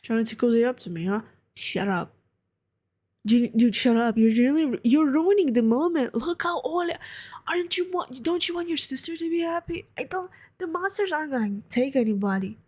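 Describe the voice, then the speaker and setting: A woman's voice: sits high, normal speed. Chatty young woman streamer. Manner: chatty, excitable, talks back to the game. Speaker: gamer streamer. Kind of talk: let's play, reading dialogue aloud.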